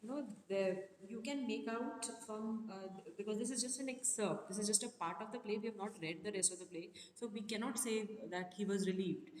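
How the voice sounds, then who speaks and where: In an echoey room with long reverb and faint noise, a woman with a medium-pitched, darkish voice teaches a lesson on a play excerpt. She asks her students questions and then repeats them.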